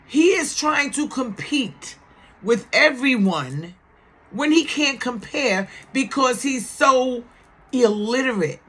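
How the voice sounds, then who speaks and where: A woman's voice: expressive, slow, fairly bright tone, husky. Indignant chatty woman vlogger. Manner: chatty, indignant, rises high when upset. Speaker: vlogger commenting on the news. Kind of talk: casual news commentary.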